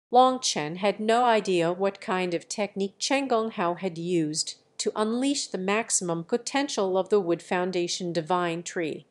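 Woman narrating a novel audiobook. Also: on the low side. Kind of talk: scripted narration.

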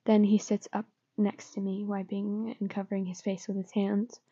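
A woman narrating a story in a soft, partly whispered, calm way. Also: medium pitch, moderate pace, husky, dry recording, lo-fi sound. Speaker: story reader.

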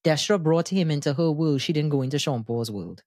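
A man hosting a music podcast, explaining his views with animated enthusiasm in casual discussion. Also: fairly high pitch, brisk, dry recording, clean studio sound. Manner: animated, enthusiastic explainer who breaks into sung bits. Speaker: podcast host.

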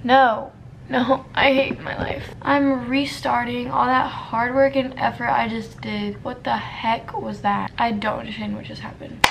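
Slow, gravelly-voiced young woman vlogger. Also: on the high side, fairly even intonation, a little hiss or hum. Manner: self-deprecating, flustered, talks to herself. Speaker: beauty vlogger. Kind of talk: casual makeup tutorial.

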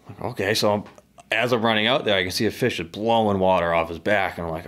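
A man from the northeastern United States telling a harpooning story as a podcast guest, swearing freely and animated in the retelling. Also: fairly low pitch, quick pace. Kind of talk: casual storytelling over beers.

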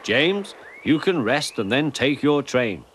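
A formal, firm-but-fair railway boss handing out praise and orders, as a narrator voices him. His pitch moves a lot, with music behind. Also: very animated, slow, slight background noise. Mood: approving. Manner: formal, approving.

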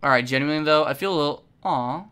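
A young woman streaming a game, giving casual commentary with lots of swearing and sudden shouts. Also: sits low, fast talker, clean tone. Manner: profane, excitable, frequent shouting.

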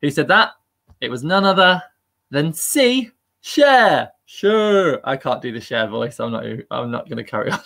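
A man's voice: mid-range voice, moderate pace, vocal fry, sharp tone. A man hosting a live-streamed quiz, upbeat and chatty and laughing at himself. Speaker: quiz host.

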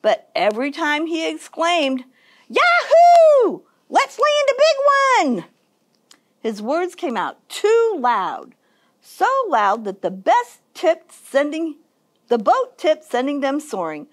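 Story time features a children's librarian reading a picture book aloud, her voice high and her pace slow. She brings an expressive, sing-song quality to the telling.

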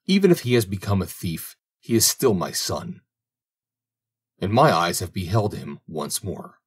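A man's voice: low-pitched, sing-song, a little slow, breathy edge, heavily acted. A man reading a tearful old peasant mother. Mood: tender. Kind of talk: audiobook reading.

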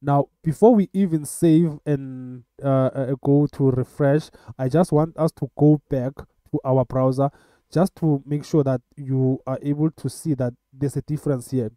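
A man teaching web coding in a screen-recorded tutorial, talking in a halting way with many filler sounds. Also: medium pitch, steady tone, dark tone, no room sound. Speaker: coding instructor.

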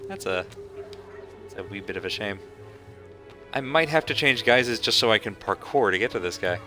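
A man's voice: lowish voice, moderate pace, pushed and bright, faint music behind. A man streaming a video game, chatting casually and joking at the characters as he plays. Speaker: gaming streamer. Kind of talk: casual let's-play commentary.

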